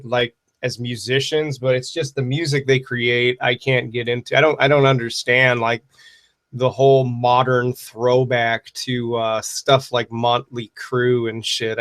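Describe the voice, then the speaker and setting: A man hosts a loose livestream Q&A, with a wry, rambling delivery full of swearing. His voice sits at an ordinary middle pitch. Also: fairly bright tone. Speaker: livestream host answering viewer questions. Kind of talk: casual livestream chat.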